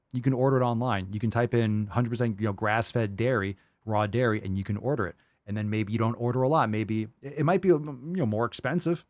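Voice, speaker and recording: This man's voice sits on the low side and sounds a little mellow, captured in a dry recording. He hosts a live call-in podcast, answering listener questions in a loose, rambling, profane way, stuffing his speech with "like" and "you know."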